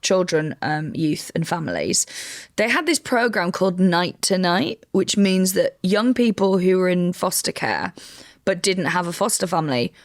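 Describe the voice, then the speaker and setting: A woman's voice: fairly low pitch, lively intonation, normal speed. A woman comedian co-hosting a podcast, recounting a true crime story step by step with wry asides. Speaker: comedian co-host.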